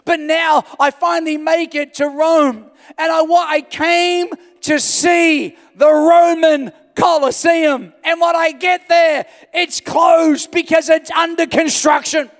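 A man from Australia, a pastor telling an animated story in a sermon and often shouting for emphasis. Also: extremely high pitch, takes it slowly, hardly any pauses. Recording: long hall reverb.

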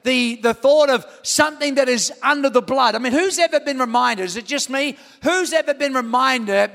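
A pastor with a very high, bright, gravelly voice preaches with animated storytelling, throwing questions out to his congregation. The sound rings with long reverb across a large church hall. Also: brisk. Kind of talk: sermon. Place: church auditorium.

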